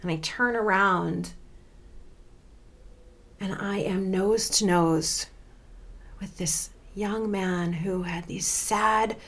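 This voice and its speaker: A woman in her forties hosting a podcast, telling a personal story in a dramatic, expressive way. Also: medium pitch, very slow, long pauses. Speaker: podcast host.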